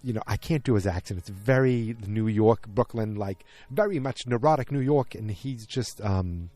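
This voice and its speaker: A man with a lowish, dark-toned voice gives a casual solo recap of his podcast episode while outside, speaking at normal speed with few pauses and no echo. His recap rambles, and he frequently doubts what he's just said.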